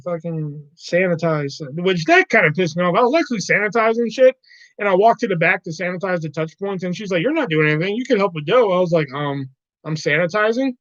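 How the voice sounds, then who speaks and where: Profane ranting man, slightly high voice. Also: no echo. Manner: profane ranting, mimics coworkers. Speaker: livestream host. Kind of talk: casual livestream chat. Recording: dry, dull lo-fi sound.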